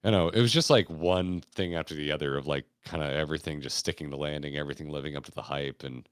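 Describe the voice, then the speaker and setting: A very deep, clean-toned voice belongs to an American podcast host from Florida who talks fast, wandering through laid-back stories while laughing and swearing casually. It's recorded in a studio with no room sound.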